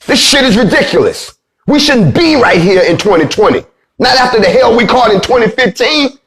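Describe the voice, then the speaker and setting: A man delivers a charged monologue in a somewhat high voice. He swears freely and preaches, dropping from heated bursts into low, grave passages. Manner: profane, preacherly, swings from loud to low and grave. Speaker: movement leader giving a speech. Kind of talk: fiery monologue.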